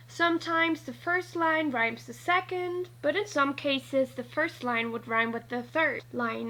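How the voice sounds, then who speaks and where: A woman narrating a scripted lesson, talking slowly and deliberately and spelling out letters one by one. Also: high voice, pushed and bright, poor audio. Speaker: teacher.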